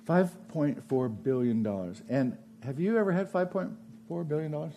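A man preaching a sermon, retelling a parable with lively acted-out voices. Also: a little high, moderate pace, a little hiss or hum. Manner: animated storytelling, acts out parable voices. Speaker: pastor.

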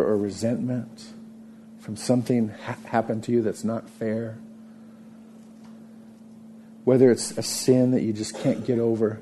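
A man preaching a sermon, earnest, often dropping to a soft murmur for emphasis. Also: mid-range voice, a little hiss or hum. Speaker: pastor.

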